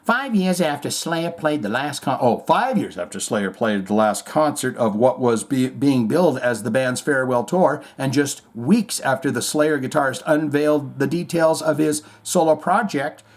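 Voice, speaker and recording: A male host chatting loosely through music headlines, his pitch bouncing all over as he jokes and swears. He rambles, trails off, and mocks the quotes he reads. The tone is loose and offhand, like talking to regulars. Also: expressive, moderate pace, hardly any pauses. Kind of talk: casual commentary on music news.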